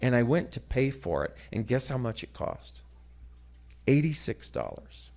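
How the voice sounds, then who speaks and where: A middle-aged man giving a sermon-style talk, telling a story dramatically and moving between loud passages and hushed ones. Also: medium pitch, very animated, a little slow, vocal fry. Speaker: guest speaker.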